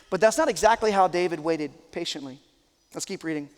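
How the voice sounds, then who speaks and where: A man's voice: sits high, brisk, big-room sound. A man, a pastor, preaching a sermon in an earnest, conversational, emphatic way.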